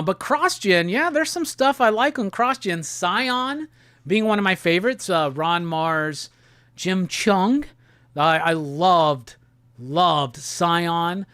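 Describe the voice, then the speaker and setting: A man hosting a casual live stream. He talks in a laid-back, slangy way and reads viewer comments aloud in quick bursts. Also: high-pitched, fairly bright tone, no echo, studio quality. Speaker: livestream host. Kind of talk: casual livestream chat, reading viewer comments.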